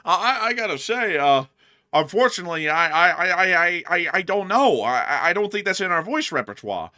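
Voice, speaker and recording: A male host chatting casually on a live stream, upbeat and full of thanks for his supporters. His voice moves a lot in pitch and has a bright, forceful tone. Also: big pitch swings, moderate pace.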